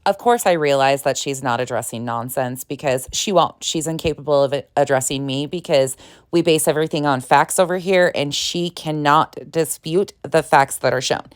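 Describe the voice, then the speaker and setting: A woman's voice: low voice, moderate pace. A woman hosting a reaction commentary, exasperated and sarcastic as she picks apart claims. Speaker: commentary channel host.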